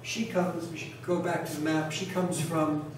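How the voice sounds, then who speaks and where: A New York City man, a pronunciation teacher, lectures at a conference in a large, echoey hall with a level tone and a voice on the high side. He talks conversationally, repeating and restarting, and makes a point of speaking up. The mic is distant, with faint noise.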